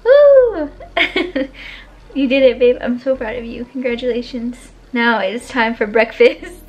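A young woman vlogging at home, talking warmly to her husband and laughing between words. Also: fairly high pitch, fairly even intonation, moderate pace, soft background music, low-quality recording. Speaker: vlogger and military spouse. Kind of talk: casual home vlog talk.

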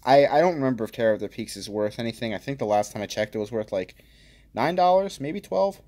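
A man hosting his own channel, casually commenting as he opens card packs, joking and reading card names aloud with bursts of excited exclaiming. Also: medium pitch, fast.

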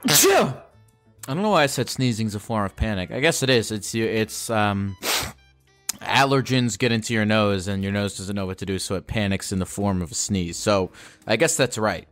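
A low-pitched young man chats with callers in a loose, rambling way, mocking himself and leaping up in pitch when something excites him. There is faint music under his voice. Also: moderate pace. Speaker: podcast host taking calls. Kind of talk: casual call-in chat.

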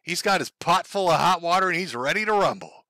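A man hosting a stream laughs often as he gives mocking commentary over clips, sounding sneering and gleeful. His voice sits high, animated and a little fast, pushed and bright, in a dry recording.

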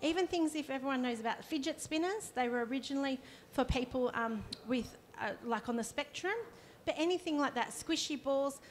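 A woman's voice: high voice, brisk, hardly any pauses, slight background noise. A woman, a counsellor giving a conversational workshop talk and demonstrating as she explains. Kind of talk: live presentation to an audience.

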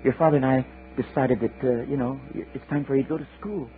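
A man's voice: mid-range voice, brisk, close to an everyday voice. A man voicing a mother eagle who explains things soothingly and patiently, on an old sermon tape. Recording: tinny lo-fi sermon tape with hiss.

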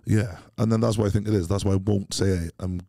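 Welsh man, very deep and dark-toned, rapid-fire rambling anecdotes, blunt and self-questioning; guest in a casual chat. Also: steady tone, creaky, no room sound, clean studio sound. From Wales. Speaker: podcast guest. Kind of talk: casual interview storytelling.

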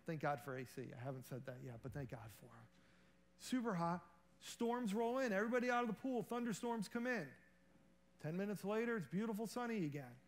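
A man preaching from a church platform with a slightly higher than usual voice. His delivery is earnest and conversational, and he reaches for homely analogies to make his point. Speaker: guest preacher. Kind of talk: sermon.

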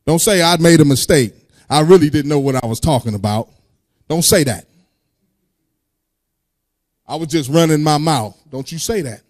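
A man's voice: fairly high pitch, normal speed, long pauses, a little mellow. A man preaching a sermon, reading scripture aloud and breaking into sung, call-and-response lines in casual speech.

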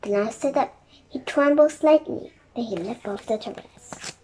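High-voiced woman narrating a kids' chapter book aloud, gentle and quiet. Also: moderate pace, a little hiss or hum, rough recording. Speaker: storybook reader.

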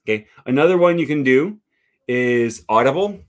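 Casual male language tutor, mid pitch, loose and chatty, peppers his talk with "okay" and "um.". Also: animated, normal speed. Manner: chatty, frequent "okay" and "um" fillers, thinks aloud. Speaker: language teacher and channel host. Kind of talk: casual livestream talk reading viewer comments.

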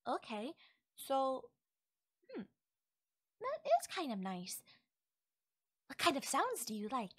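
A woman's voice: high-pitched, huge pitch swings, takes it slowly, long pauses, husky, no echo, studio quality, heavily acted. A voice actress playing a curious, naive young wolf-girl in an ASMR audio role-play, full of innocent questions. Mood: soft, wondering.

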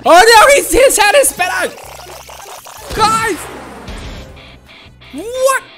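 A woman hosting a gaming channel, giving excitable let's play commentary and talking to viewers as "guys". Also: very high-pitched, extremely slow, soft background music.

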